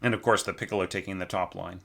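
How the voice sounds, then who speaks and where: A man with a bright, fairly low voice goes through a student's orchestral score as a teacher. He thinks aloud, keeps checking in with "right?", and sings passages in quick nonsense syllables. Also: fairly even intonation, creaky. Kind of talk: spoken score critique.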